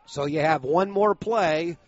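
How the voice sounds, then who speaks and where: A man calling high school football play-by-play, brisk and steady, bursting into shouts on big plays. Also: muffled recording. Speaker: play-by-play announcer.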